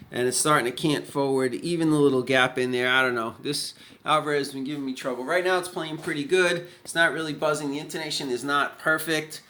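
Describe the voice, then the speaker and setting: A man's voice: medium pitch, bright, forceful tone. A man chatting casually in a guitar repair vlog, rambling and folksy, thinking aloud as he goes.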